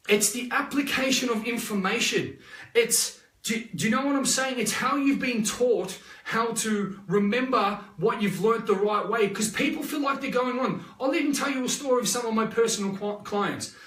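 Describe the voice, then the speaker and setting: An Australian man in a live motivational talk as a life coach, energetic and rambling, repeating himself and checking in with "yeah?". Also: very high voice, normal speed, echoey room, distant mic. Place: live online session.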